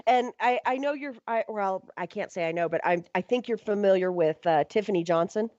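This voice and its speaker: A woman host chats on a radio show, her story halting and full of fillers. The sound is dull and lo-fi, and the voice comes across dry. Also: mid-range voice, a little mellow, no echo. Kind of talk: casual radio interview chat.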